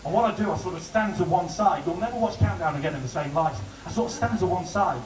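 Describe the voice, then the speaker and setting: A man doing joking warm-up patter for a TV studio audience. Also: sits high, fast talker, far from the mic, crowd noise. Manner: chatty, joking, lively. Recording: roomy studio heard from afar with audience.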